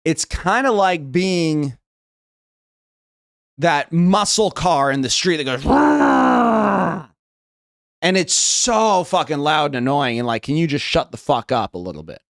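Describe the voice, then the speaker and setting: Rambling American man, slightly high. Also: lively intonation, unhurried, fairly bright tone, no echo, clean studio sound. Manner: rambling, self-mocking, restarts a lot. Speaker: streamer trying out stand-up jokes. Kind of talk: casual live-stream joke rehearsal.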